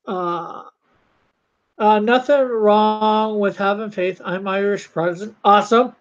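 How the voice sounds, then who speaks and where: A comic artist chatting casually on a livestream from home, rambling and halting while reading the chat. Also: mid-range voice, lo-fi sound.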